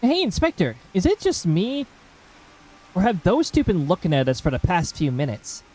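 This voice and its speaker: A man's voice: high-pitched, wildly swooping pitch, normal speed, a little mellow, heavily acted, poor audio. A man voicing an eager young female assistant with a raised, questioning delivery. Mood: wary.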